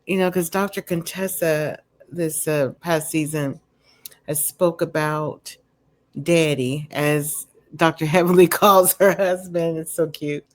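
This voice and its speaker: Slow, low-voiced woman chatting casually. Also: fairly even intonation. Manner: rambling, full of "you know" and "um" fillers; candid, opinionated asides. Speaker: vlogger recapping a reality show. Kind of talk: casual chatty recap commentary. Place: home with a dog nearby.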